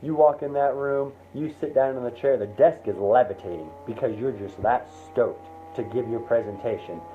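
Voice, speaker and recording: Animated man telling a motivational story. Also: mid-range voice, normal speed. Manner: animated, acts out scenes. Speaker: motivational speaker. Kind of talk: second-person motivational storytelling. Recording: tinny phone-like sound, faint noise.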